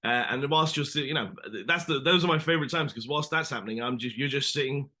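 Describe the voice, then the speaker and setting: A man's voice: medium pitch, fast talker, sharp tone. A man, an actor, chatting casually as an interview guest, rambling with lots of "you know" and "sort of".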